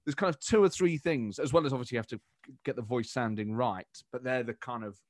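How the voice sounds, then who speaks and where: A man from the of England, a comedian chatting as a guest, animated and quick to restart his sentences. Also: medium pitch, dry recording, clean studio sound. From Nottingham, England. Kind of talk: casual interview chat.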